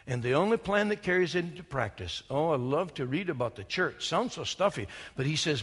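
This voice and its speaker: A man's voice: fairly high pitch, expressive, a little fast, few pauses, husky, big-room sound. A man preaching an emphatic, storytelling sermon in a church sanctuary. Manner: emphatic, storytelling, shifts from loud to hushed.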